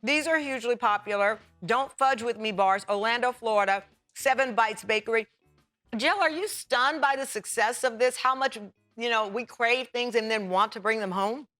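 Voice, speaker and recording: A woman's voice: fairly high pitch, moderate pace, a bit bright, faint music behind. A woman hosting a daytime talk show, chatty and enthusiastic as she tastes and praises food. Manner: chatty and enthusiastic, laughs while tasting food. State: talking with mouth full at times.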